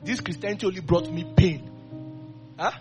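A man delivers a fervent sermon in a voice pitched a little high. He shifts between low, confiding asides and loud, forceful bursts. Soft music plays faintly behind him. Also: normal speed. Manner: acts out quoted voices. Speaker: preacher.

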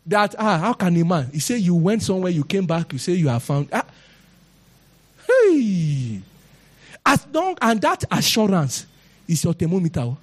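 A man's voice: high-pitched, big pitch swings, moderate pace, slightly rough. A man with a Nigerian accent preaching a sermon and telling his own testimony, acting out the people he quotes.

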